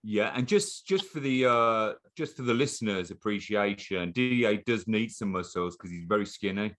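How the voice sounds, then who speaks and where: Male podcast host, lowish voice, chatty, teasing, casual. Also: animated, moderate pace, fairly bright tone. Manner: chatty and teasing, with frequent restarts. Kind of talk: casual chat.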